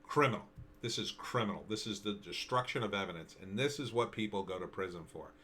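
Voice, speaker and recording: An American man talks alone into his mic, commenting on news clips. His voice is bright and forceful, set fairly low, and he sounds indignant, stumbling over restarts and hammering the same point again and again. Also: a little hiss or hum. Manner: indignant, repetitive, halting with restarts. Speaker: political commentary vlogger. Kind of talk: solo commentary reacting to news and videos.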